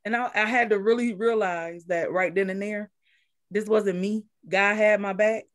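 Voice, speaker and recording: A woman's voice: medium pitch, fairly even intonation, moderate pace. A woman who runs a daycare, casually telling her story as a guest and repeating phrases for emphasis.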